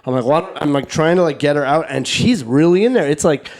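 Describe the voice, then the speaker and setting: This is a man co-hosting a comedy podcast and spinning a casual anecdote. His voice sits a little high for a man. He rambles, stacks up fillers and drops swear words as he goes. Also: expressive, brisk, darkish tone. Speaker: podcast co-host.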